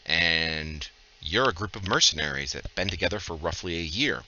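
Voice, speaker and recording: Lively bright-voiced male game master. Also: low-pitched, moderate pace, lo-fi sound. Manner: lively, joking. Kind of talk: narrating a tabletop game.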